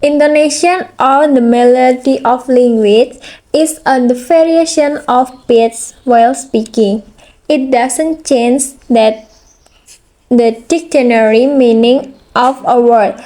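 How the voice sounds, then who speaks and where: A woman student presenting a phonology lesson, reading haltingly with fillers and drawn-out examples. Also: high voice, mellow. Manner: very slow, hesitant reading with fillers and restarts.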